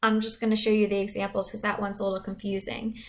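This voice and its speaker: A woman's voice: medium pitch, level tone, quick pace. A young adult woman teacher explaining writing devices in a casual, conversational recorded lesson.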